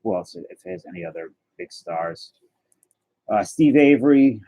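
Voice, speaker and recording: A man's voice: low-pitched, expressive, normal speed, mellow, no echo. A man hosting a casual livestream, chatting and answering his viewers as he goes. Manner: chatty, answers chat messages aloud, stumbles and restarts. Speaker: livestream host opening trading cards.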